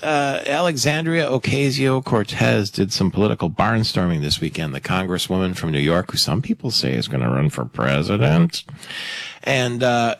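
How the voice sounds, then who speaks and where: A man's voice: mid-range voice, gravelly, fairly bright tone, no room sound. Sardonic male talk radio host, dry studio. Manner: sardonic, conversational, with fillers. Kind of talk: opinionated talk radio commentary.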